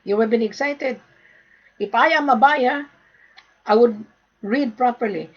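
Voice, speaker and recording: A woman's voice: fairly high pitch, a little slow, muffled recording. A woman from the Philippines, a gold trade consultant, lecturing and scolding in a repetitive live video rant.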